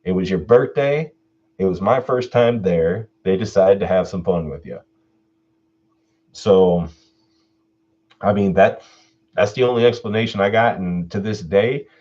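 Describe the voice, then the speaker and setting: A man hosting his own live stream Q&A, telling a personal story in a laid-back way, swearing freely and getting animated when he retells what people said. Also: low-pitched, breathy edge, highs cut off. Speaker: channel host doing a live stream Q&A.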